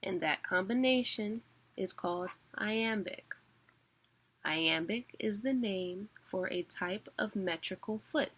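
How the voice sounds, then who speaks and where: A woman's voice: mid-range voice, takes it slowly, fairly bright tone, slightly rough. A woman teaching a casual online lesson, explaining patiently with filler words and occasional chuckles. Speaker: poetry teacher.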